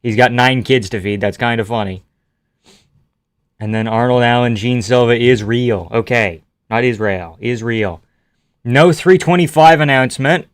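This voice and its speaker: A man's voice: mid-range voice, moderate pace, clean tone, no room sound. A man from Canada streaming live, reading out viewer comments and answering them offhandedly with casual swearing.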